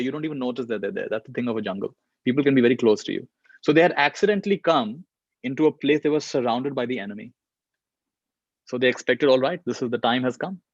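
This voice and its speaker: A man's voice: medium pitch, no room sound. A man giving a spiritual reflection talk, telling stories and repeating key phrases for emphasis. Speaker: spiritual teacher. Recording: dull lo-fi, dry sound.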